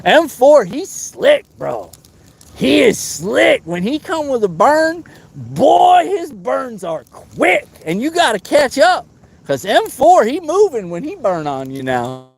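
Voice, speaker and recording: Excitable high-voiced man streaming live. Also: takes it slowly, gravelly, husky. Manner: excitable, whoops and laughs, playful teasing. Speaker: fishing livestream host. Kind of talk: casual live-stream chat.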